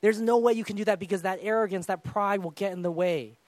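A man preaching a sermon as pastor, telling stories in an animated way and acting out the quotes. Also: high-pitched, fast, no room sound. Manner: animated storytelling, acts out quotes.

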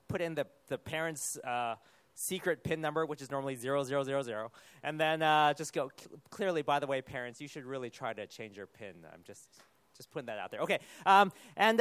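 A man preaching a sermon in a conversational, animated way, with quick asides and self-corrections. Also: a little high, no room sound.

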